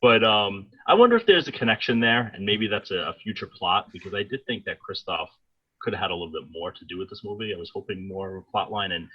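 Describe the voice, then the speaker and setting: Animated, husky-voiced male podcast co-host. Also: on the low side, fast talker, muffled recording. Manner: animated, acts out scenes in quoted voices. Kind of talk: casual film review chat.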